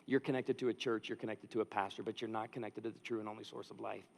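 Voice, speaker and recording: A man preaching a sermon as a pastor, talking conversationally and turning to the audience with quick asides. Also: lowish voice, fairly even intonation, gravelly. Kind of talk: storytelling sermon. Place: church auditorium. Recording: long reverb of a large hall.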